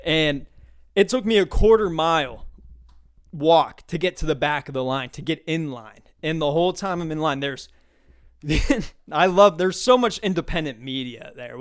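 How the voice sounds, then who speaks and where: Smooth-voiced man telling a story. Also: fairly high pitch. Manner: profane, storytelling, mimics people he met. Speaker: podcast host. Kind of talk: casual solo monologue.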